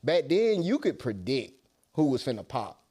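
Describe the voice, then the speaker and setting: A man's voice: medium pitch, sing-song, normal speed, warm tone, slightly rough. A young man from Atlanta with a Southern accent, chatting loosely as an interview guest and trailing off at the ends of thoughts. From Atlanta, USA. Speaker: rapper guest. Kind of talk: casual interview chat.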